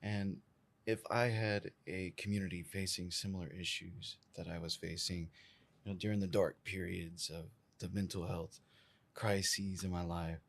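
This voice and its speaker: A man, an event organizer guest in a casual interview, talking haltingly and searching for words. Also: low voice, fairly even intonation, creaky.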